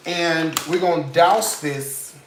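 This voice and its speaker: A man's voice: fairly high pitch, takes it slowly. A man hosting a live cooking show, talking sassily and directly to his viewers and checking in with them often. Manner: sassy, chatty, addresses viewers directly, frequent "okay?" tags. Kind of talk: live cooking demonstration with sales pitch. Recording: echoey room with faint noise.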